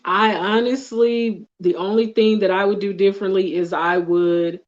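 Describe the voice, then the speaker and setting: A woman's voice: mid-range voice, steady tone, moderate pace, muffled recording. A woman talking candidly in a casual group chat, laughing now and then. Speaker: guest.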